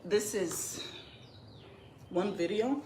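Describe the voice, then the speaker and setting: A woman's voice: medium pitch, drawn-out words, dark tone. A woman from Nigeria telling her side of a broken marriage, shaky but defiant. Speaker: social media personality. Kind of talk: emotional on-camera statement. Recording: echoey room with faint hiss.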